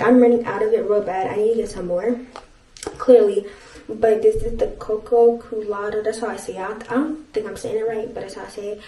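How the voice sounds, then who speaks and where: A teenage girl chatting to her camera at home, rambling from thought to thought with plenty of fillers. Her voice sits at a middle pitch. A faint hiss runs under the room. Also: dark tone, rough recording. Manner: frustrated venting. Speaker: vlogger. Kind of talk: casual vlog chat. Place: home, bedroom and bathroom. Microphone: camera mic.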